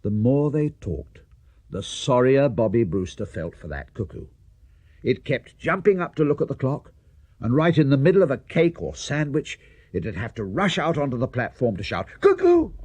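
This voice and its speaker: A man telling a children's story in an expressive storybook manner. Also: medium pitch, slightly rough, dry recording.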